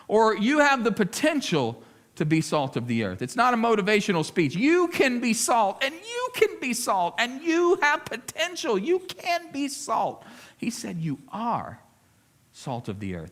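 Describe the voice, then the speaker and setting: A male lead pastor preaches, swinging between loud emphasis and hushed appeals and often repeating words while he gathers his thoughts. His voice sits high.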